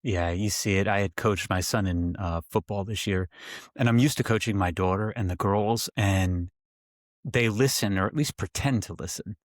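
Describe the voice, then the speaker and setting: A man's voice: lowish voice, moderate pace, dry recording. Laughing father, dry close mic. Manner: laughs often while telling stories, loose and chatty. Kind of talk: casual conversation.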